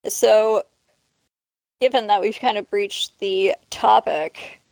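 A woman hosts a podcast and speaks in a frank, direct way as she moves the talk along. Her mid-pitched voice has a touch of vocal fry, and the recording is dry and close. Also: takes it slowly, a little mellow, no room sound. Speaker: podcast host. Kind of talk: casual podcast chat.

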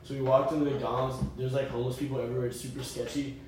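A young man co-hosting a podcast, telling anecdotes in an animated, slangy way. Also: medium pitch, very fast, slight background noise. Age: young adult. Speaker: podcast co-host. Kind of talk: casual storytelling chat. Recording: echoey room, distant mic.

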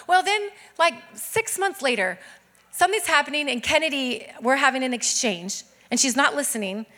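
A woman pastor in her thirties preaches with a high, bright voice. She tells her stories with lots of energy and acts out each person's lines. Her delivery stays lively and expressive throughout. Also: normal speed. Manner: animated storytelling with acted-out quotes. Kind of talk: sermon.

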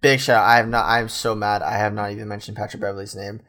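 A man giving a solo fan recap of a basketball game, animated and emotional, saying "man" constantly and reading out stat lines. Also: on the low side, fast.

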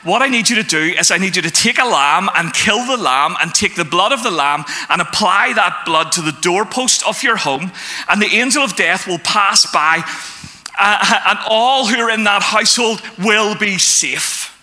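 A man's voice: sits high, normal speed, pushed and bright. A man preaching a sermon to a congregation, asking them questions and reading scripture aloud. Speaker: pastor.

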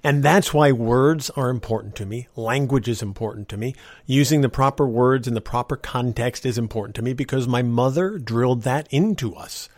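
Chatty man telling stories, crisply enunciated. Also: mid-range voice, normal speed, darkish tone, dry recording. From New Jersey, US. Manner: chatty, self-deprecating, chuckles between lines; enunciates words carefully. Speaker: host. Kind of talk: casual storytelling monologue.

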